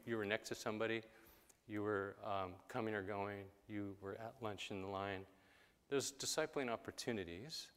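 A man's voice: lowish voice, a bit bright, in a large hall. A man preaching a sermon in a casual, conversational way, briefly acting out quoted voices.

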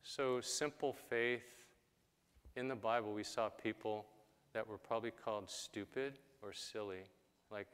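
A man's voice: fairly low pitch, steady tone, unhurried, fairly bright tone, smooth, long reverb tail. A man preaching a sermon in a casual, conversational way, briefly acting out quoted voices.

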